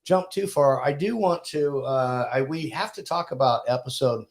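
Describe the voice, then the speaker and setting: A man's voice: mid-range voice, normal speed. A man co-hosting a podcast in easygoing, rambling casual chat with his wife. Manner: easygoing, rambling with many fillers and restarts. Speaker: podcast co-host.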